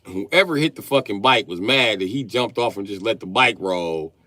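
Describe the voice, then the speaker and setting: A man in his late thirties with a low voice that leaps all over the place as he spins a comic rant. He talks in a profane, animated way and chuckles mid-story, like a livestreamer holding court. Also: normal speed, no echo. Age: late 30s. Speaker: livestreamer telling stories.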